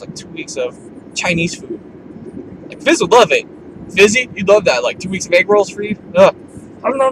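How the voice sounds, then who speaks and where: A man, telling a rambling, casual story while driving his car. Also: fairly high pitch. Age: 20s. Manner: rambling, filler-heavy, laid-back. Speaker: vlogger. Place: inside a moving car. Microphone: camera or phone in the car. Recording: loud car road noise. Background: road and engine noise.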